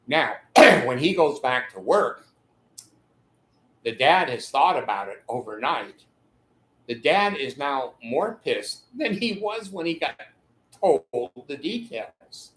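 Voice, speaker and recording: An older man with a mid-range, slightly bright voice speaks slowly, his pitch swinging widely. As a channel host giving advice, he rambles through a monologue, laughing mid-sentence and acting out the voices of people in his stories, recorded in an echoey room.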